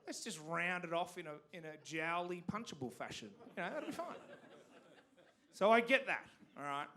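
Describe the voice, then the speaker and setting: A man's voice: fairly high pitch, fairly bright tone. A man with an Australian accent from Canberra doing a stand-up comedy set on a theatre stage, self-deprecating and stumbling over restarts.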